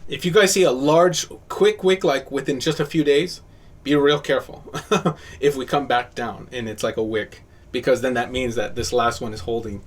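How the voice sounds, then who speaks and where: A man's voice: mid-range voice, fairly even intonation, normal speed. A man in easy, conversational mode walks listeners through crypto charts. His voice sits in an ordinary middle range and his manner is upbeat and informal. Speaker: host of a crypto chart show. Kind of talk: live chart analysis chat.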